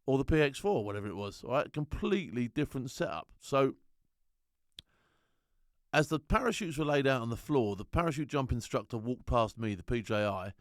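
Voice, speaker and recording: Middle-aged bloke spinning yarns, laughs a lot, crisp voice, dead dry room. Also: male voice, medium pitch, a little fast, no echo. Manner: animated storyteller, laughs often, slangy. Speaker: former soldier telling war stories. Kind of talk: casual anecdote.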